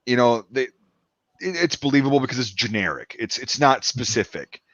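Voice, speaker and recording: On a casual podcast, a filmmaker chats about his production, rambling with plenty of fillers and restarts. His mid-range voice is animated and fairly bright at a normal speed, and the audio is dull but free of echo.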